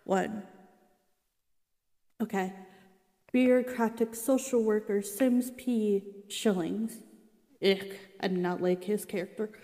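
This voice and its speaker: A woman's voice: medium pitch, warm tone, in a large hall. A young woman casually reading about an old sitcom and reacting, chatty and exasperated, with many asides. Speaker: vlogger reading and reacting to a show's history.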